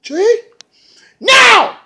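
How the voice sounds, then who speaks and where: Man doing a shrill falsetto diva. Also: animated, unhurried, full character voice. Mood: shrill, commanding. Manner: squealing falsetto, bossy. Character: shrill haughty female wrestling valet.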